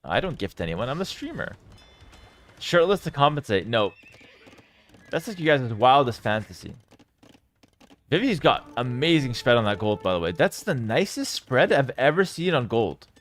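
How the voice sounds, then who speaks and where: A man streams live esports commentary on a strategy match and reads out chat messages. He swings between loud hype and low, calm play calls, speaking at normal speed with long pauses.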